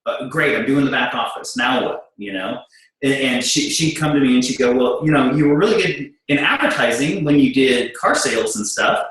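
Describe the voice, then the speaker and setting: A man's voice: medium pitch, moderate pace, very echoey, rough recording. A middle-aged man speaking candidly and bluntly about working in business with his wife, acting out the back-and-forth. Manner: blunt and animated, acting out quoted exchanges. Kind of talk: candid storytelling to an audience.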